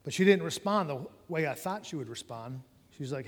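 A man's voice: a little high, animated, a little fast. A middle-aged man telling his personal testimony in a conversational sermon, addressing his listeners directly. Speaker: preacher giving testimony. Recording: long hall reverb.

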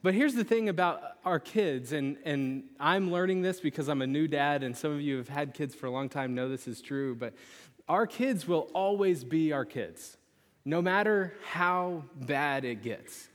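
A young man preaching a sermon, telling a lively personal story with animated pitch swings before turning to scripture. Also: unhurried. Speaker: pastor. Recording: long reverb of a large hall.

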